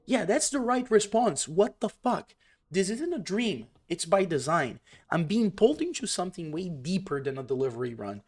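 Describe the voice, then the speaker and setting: A man giving casual, excitable reaction commentary on a video game, swearing often and reading his own notes aloud. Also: high-pitched, normal speed. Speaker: gaming vlogger.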